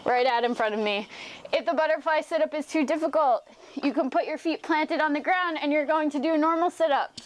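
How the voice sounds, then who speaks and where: A young woman instructs a home workout in a high-pitched, fairly quick voice with a steady tone. As she demonstrates each move she breaks it down step by step, sometimes sounding out of breath.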